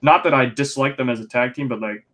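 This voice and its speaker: A young man co-hosting a casual wrestling podcast, rambling and animated, full of fillers. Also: medium pitch, fast talker. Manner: chatty, rambling, animated opinions with lots of fillers. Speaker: podcast co-host.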